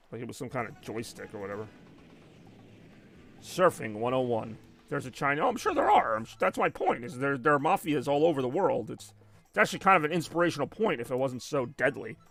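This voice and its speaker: Young man, game streamer, casual rambling chat, mid pitch, faint music behind. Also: a bit bright. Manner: rambling, conversational, many fillers. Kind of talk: casual live-stream chat while gaming.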